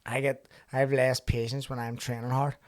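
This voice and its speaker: A man's voice: mid-range voice, level tone, a little fast, no echo. A man in his thirties hosting a podcast in casual chat, swearing freely, laughing often and telling stories in bursts. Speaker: podcast host.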